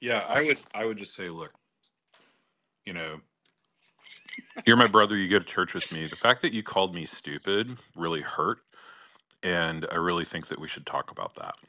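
A man's voice: deep voice, lively intonation, normal speed, pauses often, bright, forceful tone. A man on a casual call-in discussion, rambling with many fillers and giving earnest advice.

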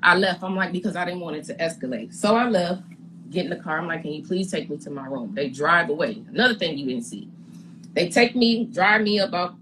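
A young adult woman candidly recounting a conflict in an interview, animated and blunt, acting out what she and others said. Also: lowish voice, background noise. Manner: animated, re-enacts her own and others' words, blunt slang. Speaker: reality TV personality giving her side.

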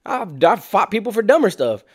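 Young guy telling a wild story, slangy and animated, kinda high voice, does all the sound effects himself. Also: moderate pace, slightly rough. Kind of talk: casual storytelling.

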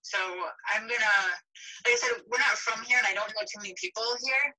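A woman's voice: fairly high pitch, steady tone, fairly quick. A woman, speaking emphatically in casual conversation over the phone. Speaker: guest. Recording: bright, distant phone line.

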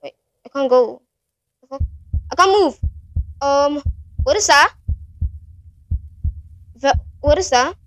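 A woman's voice: sits high, animated, takes it slowly, long pauses, background noise. A woman narrating her own horror game playthrough, panicky and swearing, talking straight to her viewers. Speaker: gaming channel host.

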